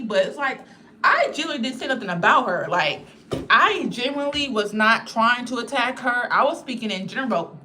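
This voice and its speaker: A woman's voice: a little high, pushed and bright, slight background noise. A woman chatting casually on a livestream, rambling and talking straight to her viewers in a blunt, outspoken way.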